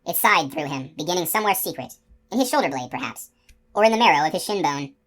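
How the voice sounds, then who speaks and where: A woman narrating a fantasy novel aloud in a steady, expressive reading voice. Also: sits low, quick pace. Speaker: audiobook narrator. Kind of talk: scripted narration.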